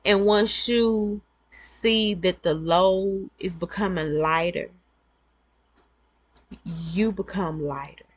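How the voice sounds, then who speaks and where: A woman's voice: lowish voice, takes it slowly, no echo. A woman vlogger giving earnest, repetitive, conversational advice to her viewers. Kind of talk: casual advice monologue.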